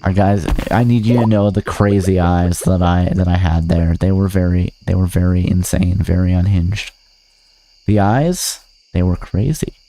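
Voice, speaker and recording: A man's voice: low-pitched, moderate pace, warm tone, slight background noise. A man streaming a farming game, chatting to viewers in a goofy, rambling way with silly sing-song bits. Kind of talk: casual gameplay commentary.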